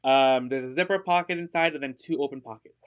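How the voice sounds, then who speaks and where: A man's voice: medium pitch, fast talker, slight background noise. A man hosting a live online sale of secondhand designer purses, chatting casually with fillers, giggling often and gushing about the bags. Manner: upbeat and gushing. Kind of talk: casual live-stream sales chat.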